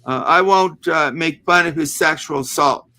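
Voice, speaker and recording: A man's voice: fairly high pitch, moderate pace, sharp tone. A man hosting a livestream call-in, talking in a teasing, provocative way. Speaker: stream host. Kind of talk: casual livestream chat.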